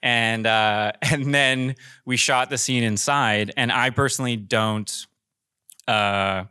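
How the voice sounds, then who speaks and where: A man's voice: medium pitch, steady tone, slow, sharp tone, clean tone, no echo, clean studio sound. A man directing commercials, telling a rambling, filler-heavy story on a panel in a theater. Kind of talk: casual panel talk.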